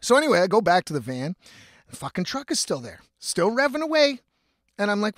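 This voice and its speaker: His voice sits high and sing-song, moving a little fast, recorded dry with clean studio sound. Hosting his own show, he rambles through a long casual story loaded with swearing and fillers.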